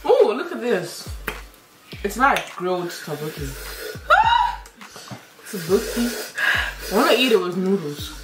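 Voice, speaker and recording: A woman's voice: medium pitch, big pitch swings, moderate pace, distant mic. A woman vlogging a spicy food challenge, playful and groaning as she mumbles through mouthfuls. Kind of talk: casual challenge vlog. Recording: echoey room with music behind.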